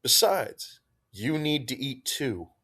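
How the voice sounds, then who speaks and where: A man's voice: medium pitch, normal speed, pitched above the performer's own voice, close to an everyday voice. A man voicing a protective woman soldier who speaks insistent, broken English.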